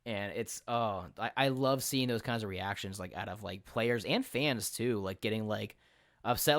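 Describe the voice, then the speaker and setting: A man hosting a casual podcast chat as a game master, telling stories in an animated way, acting out other people's lines and swearing freely. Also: mid-range voice, moderate pace, dry recording, studio quality. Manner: animated storyteller who acts out quotes and swears freely.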